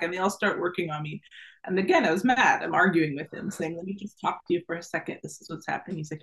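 Lively woman telling a personal story. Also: fairly low pitch, quick pace, low-quality recording. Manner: animated, laughs often, acts out quoted voices. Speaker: guest. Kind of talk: casual storytelling in an interview.

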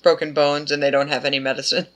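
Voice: medium pitch, level tone, fast talker, fairly bright tone. A podcast co-host in casual chat who rambles and slips into offhand character voices.

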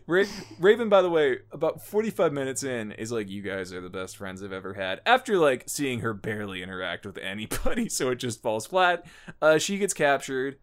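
A man casually recapping a movie with a co-host, animated and profane, often laughing and jumping up in pitch when excited. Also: moderate pace. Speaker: podcast co-host.

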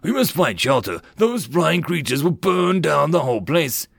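A man voicing a big, weary male orc chieftain who speaks slowly and earnestly in an audiobook. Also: fairly high pitch, sing-song, gravelly, husky, no echo, pitched above the performer's own voice, exaggerated voice.

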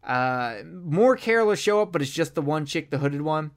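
A podcast co-host in a casual film review chat, talking in an animated, profane and rambling way. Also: medium pitch, normal speed.

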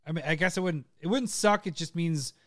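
A man's voice: a little high, a little fast, fairly bright tone, no room sound, clean studio sound. A man co-hosting a casual podcast, teasing his co-host and laughing often. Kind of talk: casual chat.

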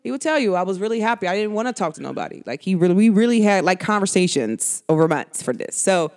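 Candid woman telling stories in slang. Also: quick pace. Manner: candid, animated storytelling with slang; swings between high excited bursts and low quiet asides. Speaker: podcast host. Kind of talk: casual monologue.

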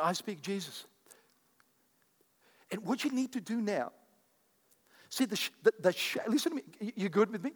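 High-voiced preaching pastor in echoey church. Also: male voice, slightly rough. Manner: animated, repetitive, storytelling. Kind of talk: sermon. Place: church sanctuary.

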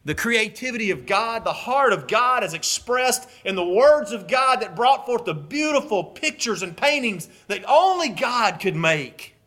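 A man delivers a sermon, his voice pitched a little high. He is animated, swinging between hushed and loud passages. Now and then he briefly acts out other voices. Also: unhurried, hardly any pauses. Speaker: preacher.

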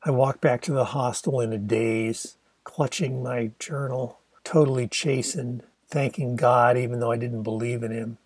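An older man narrating his own autobiographical novel as a steady, reflective audiobook reading. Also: medium pitch, moderate pace, hardly any pauses, husky, no room sound.

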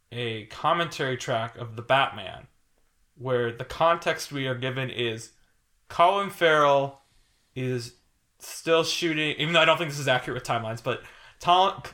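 Young man, podcast co-host, bright tone, animated and rambling, laughs easily. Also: medium pitch. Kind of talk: casual film podcast chat.

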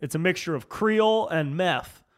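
Profane, rambling comedian ranting. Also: male voice, on the high side, expressive, normal speed. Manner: loose and profane, peppered with "dude", jumps between mumbling and fired-up. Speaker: comedian and podcast host. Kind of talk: casual ranting monologue.

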